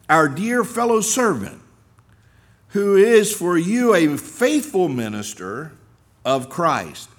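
A man's voice: sing-song, takes it slowly. Earnest male pastor preaching. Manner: earnest preaching, with rises in pitch and loudness for emphasis; acts out quoted speakers while telling stories. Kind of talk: sermon.

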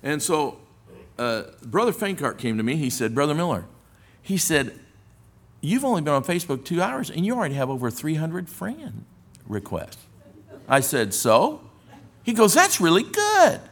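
Lively older man preaching with folksy humor. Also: on the high side, normal speed, long pauses. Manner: folksy, animated, rising to forceful emphasis. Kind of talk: sermon with storytelling.

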